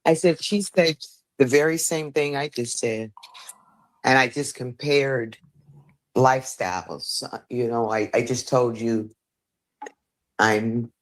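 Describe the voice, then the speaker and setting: A man's voice: medium pitch, takes it slowly, pauses often, no room sound, low-quality recording. A man calling into a casual livestream discussion, speaking earnestly and repeating his point.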